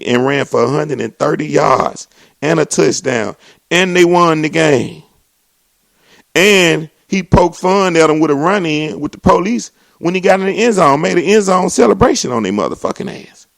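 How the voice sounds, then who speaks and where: Gravelly man ranting. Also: no room sound. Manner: animated, swings into mocking voices and high exclamations. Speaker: comedy show host. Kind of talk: profane comedic rant.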